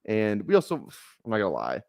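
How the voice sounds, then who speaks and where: A man's voice: lowish voice, wildly swooping pitch, moderate pace, creaky, darkish tone, clear, resonant tone, dry recording, clean studio sound. A man casually rambling on a live stream while drafting fantasy football, talking loosely with filler words and the odd curse. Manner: laid-back rambling with frequent laughs and swearing.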